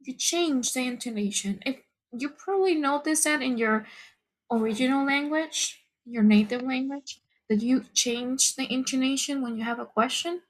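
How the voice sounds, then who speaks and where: A woman teaching an English grammar lesson, explaining patiently and deliberately, repeating the key points. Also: sits high. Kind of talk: slow, careful lesson explanation.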